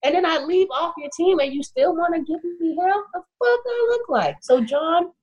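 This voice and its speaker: A woman's voice: very high voice, fairly quick, a little mellow, lo-fi sound. A woman co-hosting a casual chat, bluntly calling someone out with profanity.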